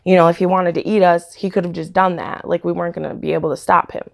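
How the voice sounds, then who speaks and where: A woman voicing an adventurous teenage girl who reasons aloud, with a low, gravelly voice. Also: flat delivery, fast. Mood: reasoning.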